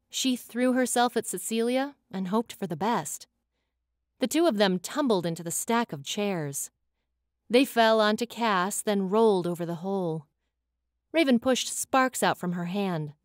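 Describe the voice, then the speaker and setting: A woman reads a fantasy audiobook with an expressive, dramatic lilt. Her voice sits at an ordinary middle pitch. The sound is dead dry and close to the mic. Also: no room sound. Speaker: audiobook narrator. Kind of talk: scripted audiobook narration.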